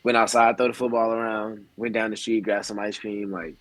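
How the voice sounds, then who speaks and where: A young man in his twenties tells stories in a casual, easygoing way and brings the quoted lines to life with animated voices. His voice sits fairly low and sounds dry and close to the mic. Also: brisk, no room sound, low-quality recording. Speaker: baseball player guest. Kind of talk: casual storytelling in an interview.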